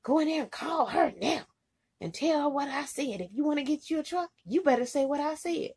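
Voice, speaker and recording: A woman doing a shrill, furious male trainer. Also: animated, a little fast, darkish tone. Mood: demanding. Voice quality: shrill, screaming. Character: angry shouting male truck trainer.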